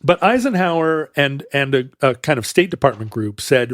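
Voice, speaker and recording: A man's voice: medium pitch, lively intonation, moderate pace, few pauses, fairly bright tone, dry recording, studio quality. A man co-hosting a podcast, explaining history in a rambling way, often correcting himself mid-sentence. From United States. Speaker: podcast co-host. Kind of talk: casual chat.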